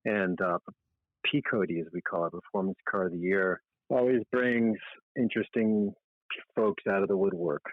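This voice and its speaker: Middle-aged male editor as a podcast guest, chatty and rambling, lowish voice, tinny phone-line sound. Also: fairly even intonation, moderate pace, dry recording. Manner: chatty, rambling, self-deprecating. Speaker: magazine editor-in-chief, guest. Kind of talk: casual interview talk.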